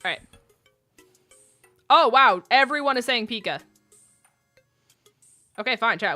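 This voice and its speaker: Chatty young woman streamer, bright voice. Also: fairly high pitch, animated, measured pace, long pauses, no room sound, faint music behind. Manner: rambling, chatty, many ums and likes. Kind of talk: casual live-stream chat.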